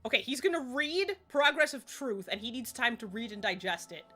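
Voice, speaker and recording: Bright-voiced chatty woman streamer. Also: fairly high pitch, animated, brisk, faint music behind. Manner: chatty, rambling, laughs often. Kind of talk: casual live-stream gaming chat.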